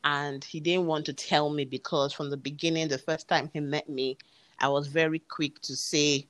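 A woman's voice: deep voice, steady tone, normal speed, fairly bright tone, no room sound. A woman, earnestly retelling a personal story and acting out the dialogue. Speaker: guest telling her story.

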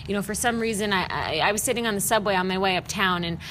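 A woman's voice: mid-range voice, fast, a little hiss or hum. A woman hosting a podcast, talking frankly about her own life with self-deprecating humor and casual swearing. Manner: expressive storytelling with acted-out quotes. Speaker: podcast host. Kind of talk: candid personal monologue.

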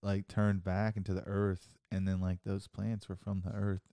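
A man's voice: low-pitched, level tone, normal speed, gravelly, warm tone, no room sound, studio quality. A man hosting a podcast in casual chat, joking, laughing often and riffing on his guest's stories. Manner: jokey, laughs often, riffs on the guest's story. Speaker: podcast host.

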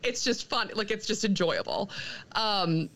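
A woman's voice: mid-range voice, very animated, measured pace, a crowd in the background. A woman co-hosting a podcast, chatting casually and laughing often, with many fillers and restarts. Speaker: podcast co-host. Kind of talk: casual chat about comics.

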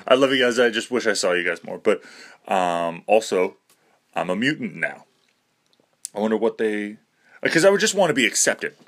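A man's voice: on the low side, fairly bright tone. Rambling self-mocking man, nervous laughs. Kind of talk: rambling monologue.

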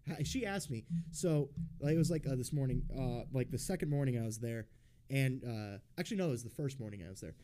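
A man's voice: mid-range voice, animated, fast, mellow. Rambling, profane young man telling stories. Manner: rambling, profane storytelling with many fillers. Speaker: podcast host. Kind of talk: casual chat.

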